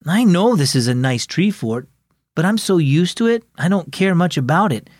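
A man voicing a quiet, thoughtful boy in a children's audio story, speaking in a subdued, earnest way. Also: fairly high pitch, animated, normal speed, no echo, studio quality. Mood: wistful.

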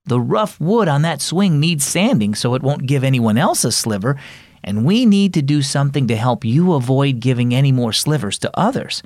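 A man voicing a mother who gently scolds her son in a children's story reading. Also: mid-range voice, animated, moderate pace, no room sound, clean studio sound, voice pushed up, lightly acted. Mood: firm. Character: firm but loving mother.

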